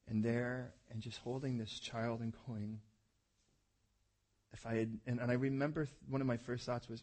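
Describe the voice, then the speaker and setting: A man preaching a sermon as pastor, telling stories animatedly and acting out voices, dropping soft for tender moments. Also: medium pitch, little pitch movement, normal speed.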